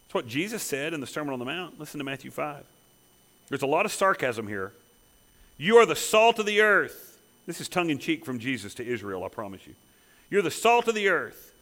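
A man preaching a sermon, emphatic, with rhetorical questions that build to loud peaks. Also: medium pitch, big pitch swings, fast talker, low-quality recording.

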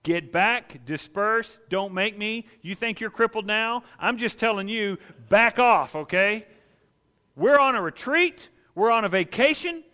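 A man voicing a hot-tempered male disciple who gruffly barks at a crowd to back off, in an echoey hall. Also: sits high, lively intonation, measured pace, bright, forceful tone, pitched above the performer's own voice, exaggerated voice. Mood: irritated. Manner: gruff, barking orders.

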